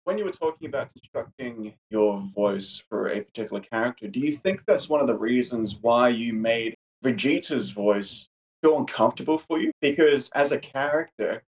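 A man's voice: mid-range voice, moderate pace, recorded from a distance, rough recording. A man interviewing a guest, curious and asking long, wandering questions. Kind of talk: casual interview conversation.

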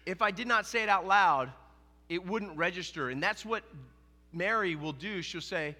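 Man preaching, fairly high voice, bright and forceful tone, long hall reverb. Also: moderate pace. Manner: animated, conversational preaching with quoted dialogue. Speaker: pastor. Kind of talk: sermon.

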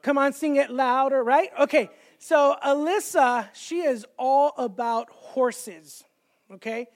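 A man's voice: very high-pitched, takes it slowly. A man in his thirties, a guest evangelist from the Los Angeles area, giving a sermon in a church with chatty, self-deprecating stories and jokes. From Los Angeles area, California. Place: church sanctuary with stage.

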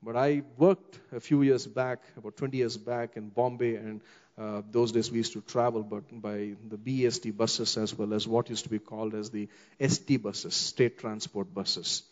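A middle-aged man with an Indian English accent, preaching a sermon as a pastor and slowing down for emphasis. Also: lowish voice. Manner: expressive, slows down for emphasis, acts out quoted voices. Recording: long hall reverb, dull muffled sound.

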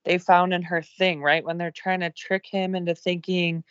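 A woman's voice: lowish voice, level tone, normal speed, clear, resonant tone, dry recording, highs cut off. A woman co-hosting a casual podcast, talking through a TV episode, sounding incredulous and swearing. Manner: incredulous, quotes characters, swears. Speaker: podcast co-host. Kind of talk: casual chat reviewing a TV episode.

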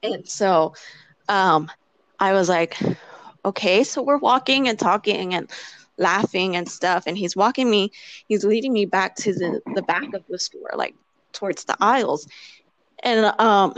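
A woman's voice: mid-range voice, dry recording. A woman telling a personal story in casual chat. She rambles with lots of "like" fillers and acts out the quoted lines. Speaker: interviewee.

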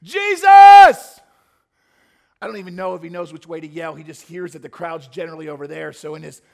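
Male pastor, sermon, dramatic storytelling, high voice, gravelly. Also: fairly even intonation, racing.

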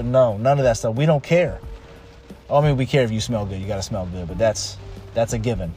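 Pouring rain and faint music fill the background as a thirties-aged man at home delivers a casual monologue. He talks fairly quickly in a mid-range, slightly mellow voice, emphatic and repetitive, often restarting phrases.

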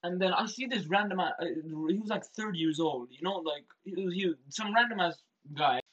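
Teen boy, rapid animated storyteller, slightly high, bright voice. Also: muffled recording. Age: teens. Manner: animated storytelling, acts out quotes, laughs. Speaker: storyteller brother. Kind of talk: casual chat.

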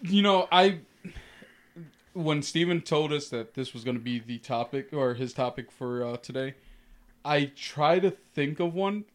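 A young man with a slightly higher voice talks through a long, rambling story as he co-hosts a podcast. He laughs often and keeps the chat loose and casual. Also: lively intonation, a little slow. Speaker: podcast co-host.

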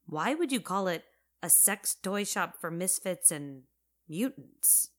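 A woman's voice: lowish voice, expressive, slow. A woman voicing an impatient male documentary director in an audio story, snapping questions at the people he films. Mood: questioning. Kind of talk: audio drama narration.

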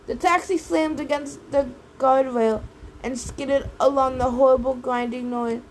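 A woman doing lively audiobook narration, reading a story aloud. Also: high-pitched, a little slow, slight background noise, low-quality recording. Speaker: audiobook reader.

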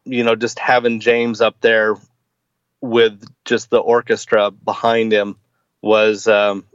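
A man's voice: fairly low pitch, level tone, slow, smooth, no echo. Hesitant man on a dull lo-fi line. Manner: hesitant, many fillers and restarts. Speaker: podcast guest. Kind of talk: casual chat.

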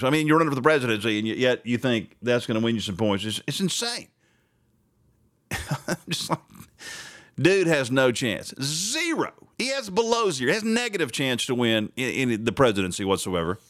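A man hosts morning talk radio in a blunt, animated way, often breaking into laughter. His voice sits in the middle of the male range. It is recorded close and dry in a studio. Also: mid-range voice, dry recording. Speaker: radio talk show host.

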